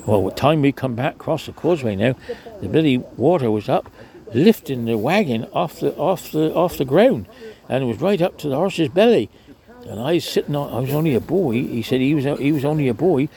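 Brief: older Cornish man, gravelly, mid-pitched, yarn-spinning interviewee. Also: animated, fairly quick, mellow. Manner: chatty, restarts, mild swearing. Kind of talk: rambling storytelling.

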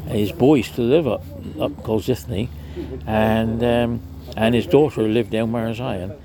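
Gravelly old Cornish storyteller. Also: male voice, medium pitch, steady tone, a little slow, crowd noise. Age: older. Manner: chatty, restarts, mild swearing. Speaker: interviewee. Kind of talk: rambling storytelling.

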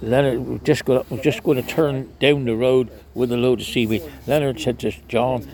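An older man with a Cornish accent tells rambling stories in an interview, his medium-pitched voice steady, a little mellow, and at normal speed with hardly any pauses. He's chatty and salty, swearing mildly and often starting over.

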